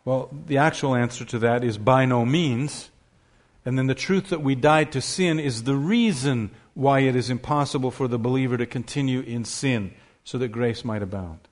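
A man's voice: mid-range voice, normal speed. A man preaching a sermon, emphatic, asking rhetorical questions and stressing key words.

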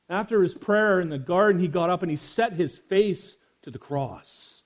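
A man preaching a sermon, swinging from loud emphasis to hushed quiet and speaking straight to his listeners. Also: high-pitched, expressive, normal speed, hardly any pauses. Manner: addresses listeners directly.

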